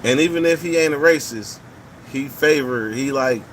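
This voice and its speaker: A man's voice: mid-range voice, moderate pace, fairly bright tone, slight background noise, rough recording. A man hosting a casual live talk stream, reading viewer comments and giving blunt, profane opinions, often repeating his points.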